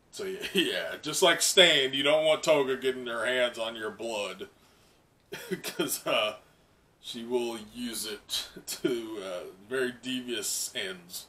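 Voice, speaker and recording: A man's voice: medium pitch, slow, bright, forceful tone, recorded from a distance. A man hosting a casual live reaction to a comic, rambling with lots of fillers and chuckles. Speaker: manga reaction host.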